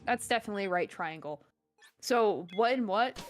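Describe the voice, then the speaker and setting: A woman's voice: mid-range voice, animated, moderate pace, soft background music. A woman chatting casually with friends while gaming, sarcastic and easily flustered. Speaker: guest in a gaming chat. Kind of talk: casual chat.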